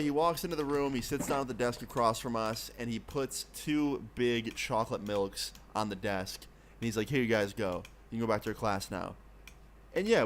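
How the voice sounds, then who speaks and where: A young adult man streamer telling a story in a casual, profane, animated way, with a noisy background of keyboard clicks. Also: mid-range voice.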